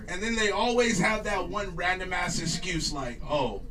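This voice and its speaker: Loud-and-low stand-up man from LA. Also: normal speed, far from the mic, a crowd in the background. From Los Angeles. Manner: animated, swinging from loud laughing shouts to low mutters. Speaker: stand-up comedian. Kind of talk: stand-up routine before a live audience. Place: garage studio with live audience. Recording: voice from off-mic with audience laughter. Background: audience laughing.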